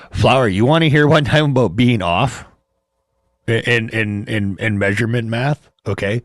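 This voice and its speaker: Hosting a casual livestream from home, a middle-aged man rambles through stories for his viewers, swearing freely and laughing at himself. His voice sits on the low side, and he takes it slowly with long pauses. The recording is dry, with clean studio sound.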